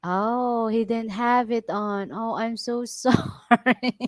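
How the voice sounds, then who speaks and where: A middle-aged woman with a Filipino accent chatting casually on a livestream, telling stories in animated broken English and laughing often. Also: a little high, no room sound. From Philippines. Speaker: vlogger on a livestream.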